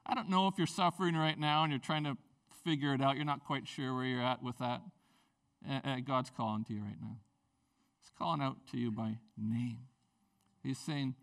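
Gravelly-voiced preacher, man. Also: mid-range voice, moderate pace. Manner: conversational preaching, acts out voices, swings from loud to hushed. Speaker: pastor. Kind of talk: sermon.

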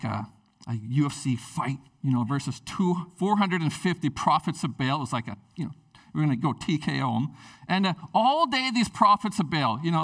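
A man preaching a casual, excitable sermon, chatty and animated. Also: a little high, distant mic. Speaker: pastor.

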